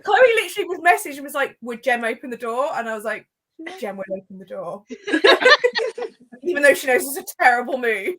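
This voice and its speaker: A woman telling stories in a casual chat with friends over a video call, animated and laughing often. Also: high voice, fairly quick.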